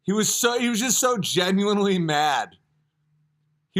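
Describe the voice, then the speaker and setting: A livestream host in his thirties, high-pitched and animated but a little slow, rambles and jokes while answering chat comments. He swings into loud, acted outbursts.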